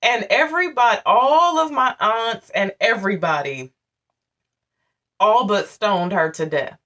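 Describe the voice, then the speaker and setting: Woman, 40s, candid emotional storyteller, mid-pitched voice, set back from the mic. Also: expressive, a little slow, sharp tone, recorded from a distance. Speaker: vlogger. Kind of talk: personal storytelling to camera.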